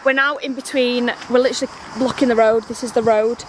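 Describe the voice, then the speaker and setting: A woman's voice: on the high side, a little fast. Exasperated woman telling a story outdoors. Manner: animated, exasperated, acts out quoted dialogue. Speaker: vlogger. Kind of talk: casual vlog storytelling. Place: outdoors at a campsite by a road. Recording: outdoor phone video with traffic noise. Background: passing cars and outdoor ambience.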